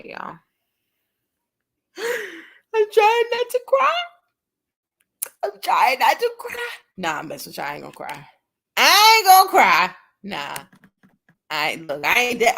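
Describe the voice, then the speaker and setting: A woman hosting her own livestream, talking straight to her viewers in a blunt, salty way. Her voice sits low and has a gravelly edge. She sounds like a young adult speaking into her phone. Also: a bit bright. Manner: blunt, cusses freely, speaks to viewers as y'all. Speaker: livestream host. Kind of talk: casual live-stream chat.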